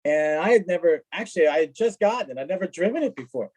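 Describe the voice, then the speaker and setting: Animated storytelling man, fairly high voice. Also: fast, low-quality recording. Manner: animated, acts out quoted dialogue. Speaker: guest, car collector. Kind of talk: casual storytelling.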